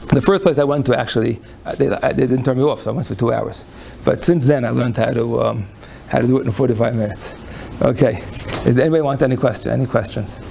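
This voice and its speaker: A man's voice: mid-range voice, quick pace, vocal fry, hardly any pauses, warm tone, a little hiss or hum. A man lecturing on Jewish law to a live audience, folksy and conversational, often restarting his phrases. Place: lecture room before an audience.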